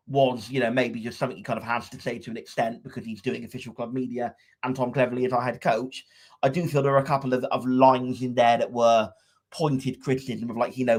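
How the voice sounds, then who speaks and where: A man's voice: medium pitch, darkish tone. A man co-hosting a casual podcast from a room at home. He talks in a wry, opinionated way, rambling with many restarts. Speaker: podcast co-host.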